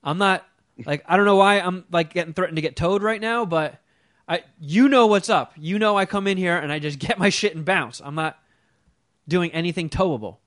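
A man co-hosting a talk show, telling a profane story in a casual, animated way and mimicking the people in it. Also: high-pitched, normal speed, no room sound, clean studio sound.

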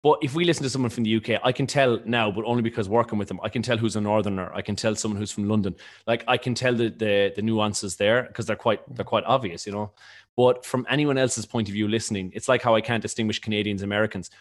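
A man from County Limerick with a mild Irish accent, a radio presenter answering interview questions in a rambling, quick, self-correcting way. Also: fairly low pitch. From Ireland, County Limerick. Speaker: radio presenter and stage co-host.

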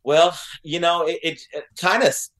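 A man's voice: fairly high pitch, fairly even intonation, moderate pace, fairly bright tone. A man with an Oklahoma accent telling stories in a casual interview, rambling with lots of fillers and acting out what people said. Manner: rambling, many fillers, acts out quotes. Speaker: guest singer.

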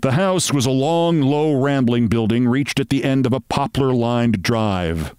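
A man's voice: mid-range voice, unhurried, a little mellow, smooth, no echo. Man reading a story aloud, dry sound. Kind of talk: storytelling narration.

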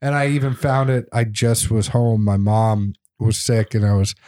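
A middle-aged man from Boston, a podcast guest, telling stories in casual, animated chat. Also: fairly low pitch, normal speed. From Boston area. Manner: chatty, animated storyteller.

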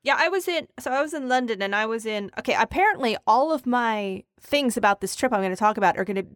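A woman co-hosting a podcast in casual chat, telling stories in an animated, profane way. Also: a little high, fast, no room sound, studio quality. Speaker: podcast co-host.

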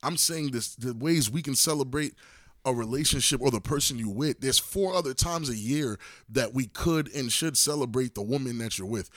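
A man's voice: mid-range voice, normal speed, dry recording. A man co-hosting a podcast in casual chat, blunt, profane and teasing as he argues his point. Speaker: podcast co-host.

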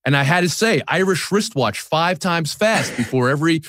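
A man's voice: a little high, expressive, normal speed, fairly bright tone, dry recording, clean studio sound. A man in his forties from the New York area, a sports TV host talking candidly and self-deprecatingly in a podcast conversation.

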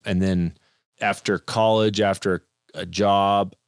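Low-voiced man, podcast guest, rambling storyteller, dry close mic. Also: steady tone, slow pace, no echo. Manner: rambling, self-interrupting storyteller. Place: room with other people and mics. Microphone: studio mic.

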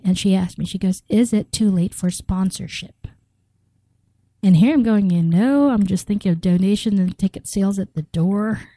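A woman's voice: medium pitch, warm tone, no echo, poor audio. A middle-aged woman from the Philippines telling her own story in an interview, acting out the quoted dialogue and laughing often. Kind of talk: personal storytelling.

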